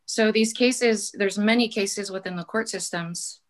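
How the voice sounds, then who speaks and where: Woman caller, earnest public comment, mid-pitched, pleading tone. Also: a little slow, rough recording. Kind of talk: public testimony over a call. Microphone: call-in audio.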